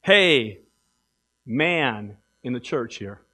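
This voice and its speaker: A man preaching a sermon as pastor in a church, emphatic, swinging from loud exhortation to quiet asides. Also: mid-range voice, animated, very slow.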